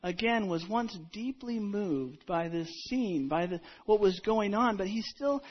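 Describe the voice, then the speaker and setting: A woman retelling a Bible story in the first person as a disciple, halting and repeating herself, dropping to a hush and then rising loud. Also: mid-range voice, expressive, breathy edge. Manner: halting, with repeated words and restarts; dramatic swings between hushed and loud. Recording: dull lo-fi recording.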